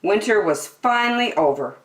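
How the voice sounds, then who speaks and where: A woman reading a children's picture book aloud with slow, expressive delivery. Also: medium pitch. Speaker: children's storyteller. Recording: roomy, from a distance.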